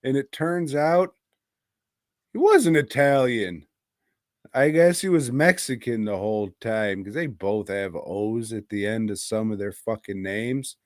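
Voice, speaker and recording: A man's voice: medium pitch, lively intonation, measured pace, a little mellow, no room sound, studio quality. A man co-hosting a podcast, reviewing movies in a profane, rambling and irreverent casual chat. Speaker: podcast co-host.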